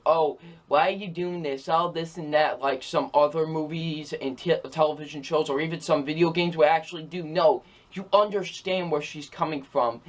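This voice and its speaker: Enthusiastic young man gushing about a game. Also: fairly high pitch. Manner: enthusiastic, repetitive praise with many fillers. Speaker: video reviewer. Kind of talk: casual video game review.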